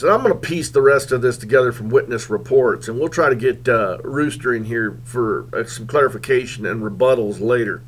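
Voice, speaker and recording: Rambling, animated male radio host. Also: mid-range voice. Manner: animated, rambling, with frequent fillers. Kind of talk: comic radio storytelling.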